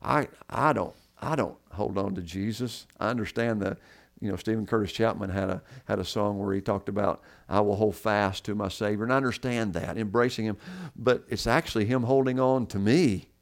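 A man's voice: fairly low pitch, fairly even intonation, normal speed, creaky. A man preaching a sermon as pastor, earnest and repeating key words for emphasis.

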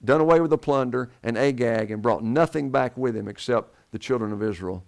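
A man's voice: medium pitch, brisk, vocal fry. Man preaching a Bible sermon. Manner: questions the congregation and answers himself. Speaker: pastor.

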